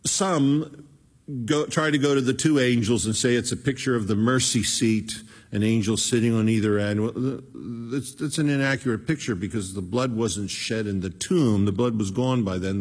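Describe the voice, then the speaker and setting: Gravelly preacher in a reverberant hall. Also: male voice, fairly low pitch, moderate pace. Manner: conversational Bible teaching, acts out quoted voices. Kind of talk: sermon.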